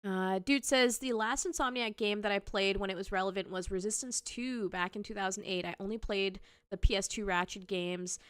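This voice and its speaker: A woman's voice: medium pitch, normal speed, hardly any pauses, a bit bright, no room sound, studio quality. A woman hosting a gaming commentary show, reacting to clips in an exasperated, profanity-laced rant. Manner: exasperated, sweary ranting.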